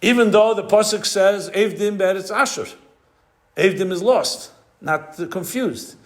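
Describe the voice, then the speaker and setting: Male rabbi, lecture delivery, somewhat high pitch, explains patiently and mixes in Hebrew and Yiddish terms while searching for words. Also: unhurried. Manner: stops often to search for the right word. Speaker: rabbi teaching a class.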